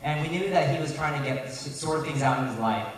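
Man, sermon, somewhat high voice, earnest storytelling, roomy hall, mic at a distance. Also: brisk. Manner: storytelling, earnest, self-correcting asides. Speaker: preacher.

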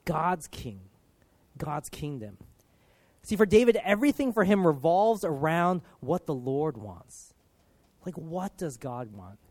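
A man preaching in a relaxed, conversational way, his voice sitting a little high for a man. He talks earnestly with lots of casual filler, pushing some lines out loud and dropping others to a hush. The sound is close and dry, with no room echo. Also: slow pace.

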